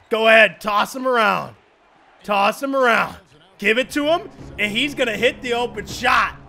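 Gaming commentator, male, high bright voice, hypes up every play, some shouting. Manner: excitable, shouting at big plays. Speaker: gaming YouTuber. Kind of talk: live gameplay commentary.

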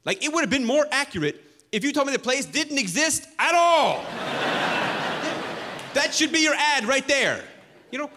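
A man's voice: very high voice, sing-song, normal speed, long pauses, long reverb tail, noisy background. A man doing a stand-up comedy set on a club stage, ranting with exasperated sarcasm.

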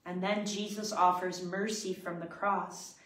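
A woman leading prayer, reading scripture aloud in a measured, reverent way. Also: on the low side, level tone, fairly bright tone. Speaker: prayer leader. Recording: roomy, distant from the mic.

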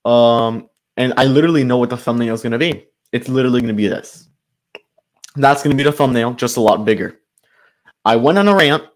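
A man's voice: medium pitch, brisk. Male sports channel host, mid-range voice, exasperated improvised fan rant. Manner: frustrated, ranting, loosely improvised with fillers. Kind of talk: solo sports commentary rant.

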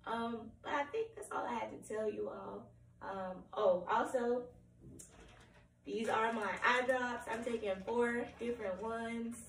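Hoarse woman rambling from across a room. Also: a little high, measured pace, a bit bright, slight background noise. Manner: rambling, apologetic, with frequent ums. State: hoarse, voice cracking. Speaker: vlogger. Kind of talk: candid personal update. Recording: roomy, distant from the mic, faint room ambience.

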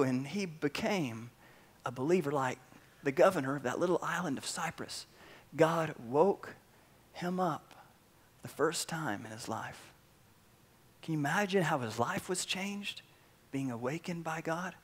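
A male pastor with a high-set voice preaching in a relaxed, chatty style. He retells scripture like a campfire story, full of slang and asides. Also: unhurried, long pauses. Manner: casual, animated storytelling with slang. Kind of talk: sermon.

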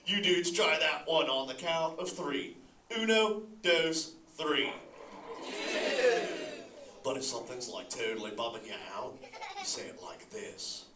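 A man's voice: on the high side, a little slow, background noise. A man playing a laid-back surfer-dude sea turtle dad who says "dude" constantly and laughs a lot while chatting with a live audience. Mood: stoked, laid-back. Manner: lively, laughs often, talks straight to the audience. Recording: echoey hall, voice from far off.

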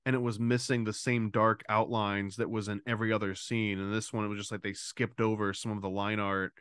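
Man, podcast co-host, smooth clear voice, dry close sound, chatty and keen. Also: on the low side, little pitch movement, a little fast, fairly bright tone, no room sound. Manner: enthusiastic, chatty, many fillers. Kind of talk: casual chat.

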